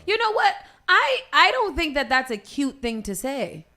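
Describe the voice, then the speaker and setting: High-voiced woman radio host. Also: big pitch swings, normal speed, bright, forceful tone. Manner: reads news items then riffs with sassy commentary. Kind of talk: casual morning radio chat.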